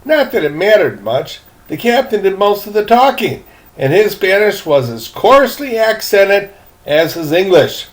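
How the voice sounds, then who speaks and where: Older man, storybook reading, folksy asides, slow pace, very lively pitch. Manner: folksy, breaks off for chatty asides. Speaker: reader, storyteller. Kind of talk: reading a novel aloud.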